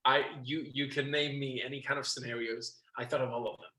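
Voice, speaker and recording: A man guest on a casual interview podcast, telling a backstage story with lively acted-out quotes, swearing and laughing. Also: medium pitch, fairly quick, reverberant, poor audio. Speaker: guest, musical theatre actor.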